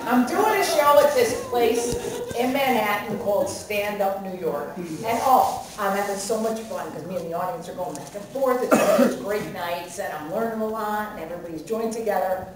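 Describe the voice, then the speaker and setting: A woman's voice: mid-range voice, animated, moderate pace. A woman doing a stand-up comedy set, with a brash, punchy delivery, acting out her comebacks in a raised voice. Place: comedy club stage. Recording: distant, echoey live club recording with loud crowd and noise. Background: audience laughter.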